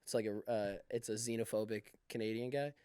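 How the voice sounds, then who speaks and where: A man's voice: fairly low pitch, steady tone, a little fast, smooth, dry recording, studio quality, pitched below the performer's own voice, close to an everyday voice. Man putting on a rowdy Canadian backwoods guy, raised voice, says eh, xenophobic grump. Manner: ends lines with "eh", loud and rowdy.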